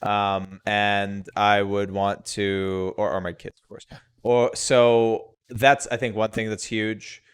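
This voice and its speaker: A man's voice: lowish voice, flat delivery, slow, smooth. A young man hosting a podcast, chatting casually and animatedly with guests. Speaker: podcast host. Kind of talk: casual group chat.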